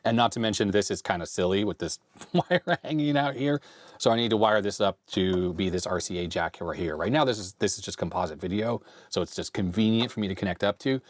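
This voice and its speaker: A man in his forties with a slightly hoarse voice from a cold, casually thinking aloud as he tinkers with retro computer hardware. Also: low voice, no room sound. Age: 40s. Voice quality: slightly raspy. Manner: rambling, thinks aloud while handling hardware. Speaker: retro computer video host. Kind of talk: casual hands-on tech vlog. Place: home workbench.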